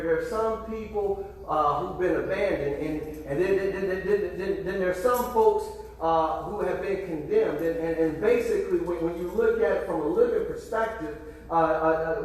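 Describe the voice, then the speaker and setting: A man preaching a sermon to his congregation, often repeating words as he restarts, and calling out for responses. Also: high-pitched. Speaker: pastor. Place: church sanctuary. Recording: echoey hall, far from the mic.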